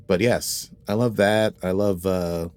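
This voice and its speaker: A man with a very low voice chats casually on a podcast about a TV episode. He rambles playfully through asides and corrects himself mid-sentence. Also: steady tone, unhurried, darkish tone, dry recording. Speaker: podcast co-host.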